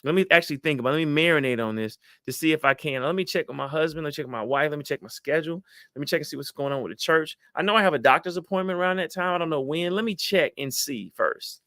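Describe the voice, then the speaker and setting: A middle-aged man, giving lively motivational advice to an audience and acting out voices. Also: on the high side, quick pace, dry recording, studio quality. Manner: animated, acts out quoted voices, addresses audience as y'all. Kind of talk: motivational talk to a live audience.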